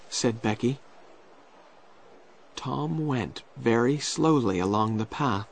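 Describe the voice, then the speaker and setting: A man narrating a children's storybook in a slow, clear and expressive way. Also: mid-range voice.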